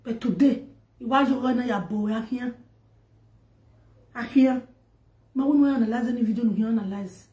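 A woman's voice: a little high, moderate pace, long pauses, warm tone. A Nigerian woman on social media, ranting to camera in an emphatic, scolding way that repeats itself. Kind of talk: direct-to-camera rant. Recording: echoey room.

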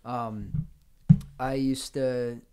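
A man's voice: mid-range voice, level tone, extremely slow, heavy background noise. A man chatting as a guest on a casual podcast, asking questions and chuckling. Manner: curious, asks questions, chuckles.

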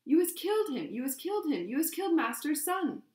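A woman's voice: sing-song, a little fast, a little mellow. A woman voicing a frantic, devoted female house-elf servant who shrieks and sobs in broken grammar. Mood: shrieking. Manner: shrill, sobbing, broken grammar. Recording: roomy echo.

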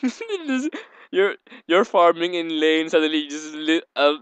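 A young man hosting a let's play, reading a visual novel aloud and breaking off into rambling, giggly asides. His voice is smooth and clean, and it sits right at a dry desk microphone with no room sound. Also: on the high side, little pitch movement, normal speed, a bit bright, no echo.

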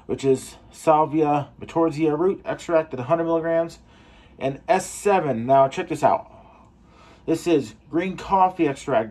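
A man reviewing a pre-workout supplement in a casual taste-test vlog, excitable and swearing for emphasis. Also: fairly high pitch, slightly rough. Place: home gym.

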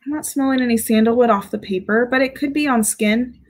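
A woman with a slightly high-pitched voice chats casually at home while reviewing perfumes. She giggles often and reads out viewer comments as she goes. Her delivery is loose and conversational. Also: fairly quick, low-quality recording. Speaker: fragrance reviewer. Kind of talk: casual live-stream chat. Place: home with dogs.

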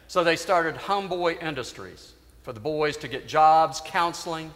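A man priest preaching a sermon in a church, telling a story earnestly with dramatic pauses. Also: fairly high pitch, fairly bright tone. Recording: reverberant church hall.

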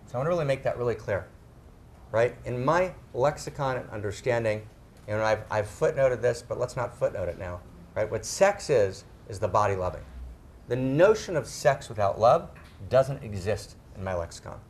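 A middle-aged man speaking to a live audience, emphatic, often tagging his phrases with "right?" and slowing down to stress key words. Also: mid-range voice, lively intonation, slight background noise. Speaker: speaker on spirituality and sexuality. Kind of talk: animated talk to a live audience.

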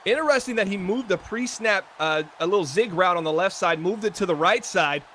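A man's voice: high voice, animated, brisk, pushed and bright, a little hiss or hum. A man giving chatty, analytical color commentary on a video game football broadcast. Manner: analytical, chatty, self-deprecating.

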